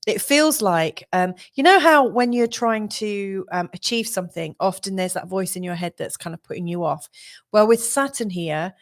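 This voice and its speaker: A woman's voice: medium pitch, expressive, normal speed. A woman astrologer hosting a live stream, chatting casually with many fillers and frequent laughs. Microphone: studio mic.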